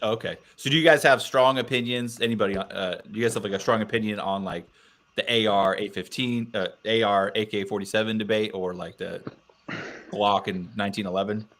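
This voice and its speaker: Laid-back low-voiced male host. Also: steady tone, a little fast, a bit bright. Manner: laid-back, laughs often, self-deprecating. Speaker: podcast host. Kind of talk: casual livestream chat.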